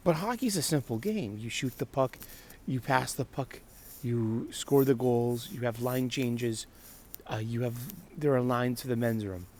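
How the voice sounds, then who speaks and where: A man's voice: mid-range voice, a little slow, a little mellow, a little hiss or hum. A man hosting a casual solo talk show, rambling with frequent restarts and laughter. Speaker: podcast host.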